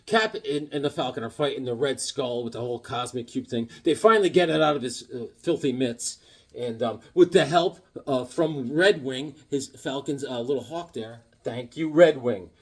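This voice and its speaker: A man showing off his comic books in a casual vlog, animated and joking, with corny puns and sudden yelps. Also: medium pitch, moderate pace, slightly rough. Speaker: comic book vlogger. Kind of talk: casual show-and-tell chat.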